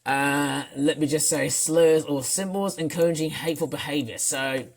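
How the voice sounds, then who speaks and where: A YouTuber doing reaction commentary, ranting with name-calling and swinging between loud shouting and low muttering. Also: steady tone, normal speed, few pauses, background noise. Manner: name-calling, repeats catchphrases. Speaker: YouTuber reacting to a live stream.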